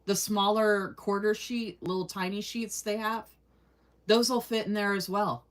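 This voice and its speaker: A woman's voice: medium pitch, fairly even intonation, unhurried. A woman hosting a casual livestream, chatting with viewers, reading their comments aloud and laughing often. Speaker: livestream host.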